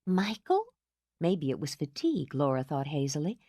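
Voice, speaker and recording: A woman narrating an audiobook in an expressive storytelling manner. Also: lowish voice, normal speed, dry recording, studio quality. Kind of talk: scripted narration.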